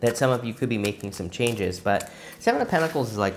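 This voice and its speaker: A man's voice: mid-range voice, quick pace, a little hiss or hum. A man reading tarot cards for his viewers in a musing, conversational way. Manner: conversational, musing, many "I feel" asides. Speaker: tarot reader.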